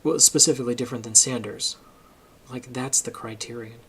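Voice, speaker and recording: A man's voice: medium pitch, steady tone, fairly quick, fairly bright tone, a little hiss or hum. A man giving a casual, emphatic opinion monologue for his video channel, getting worked up as he argues his point. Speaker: political commentary vlogger.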